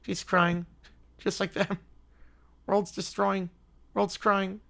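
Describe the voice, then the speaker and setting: Two snickering teenage boys making a prank call, put on by a man, low and quiet in tone. They cackle between clipped, gleeful lines. The voice is dopey and mischievous. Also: level tone, slow pace, gravelly, heavily acted. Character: snickering dim teen boys pulling prank calls.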